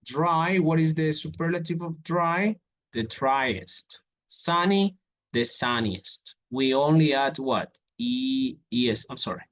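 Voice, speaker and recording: A man's voice: a little high, expressive, slow pace, fairly bright tone. A man teaching an English grammar lesson, reading out examples and checking in with "okay?" after each step. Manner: repeats "okay?" often, walks through examples on a board.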